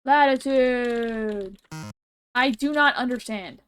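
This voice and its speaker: A woman streamer giving casual gameplay commentary, excitable and often confused. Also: on the high side, unhurried. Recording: noisy stream audio.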